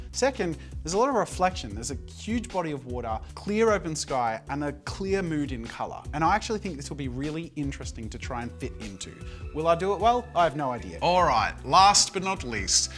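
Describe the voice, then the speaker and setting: A man in his thirties talks through his painting with an energetic, chatty enthusiasm. His voice is bright and swings widely in pitch. Faint music runs underneath. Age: 30s. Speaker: art YouTuber. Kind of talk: narrated painting vlog.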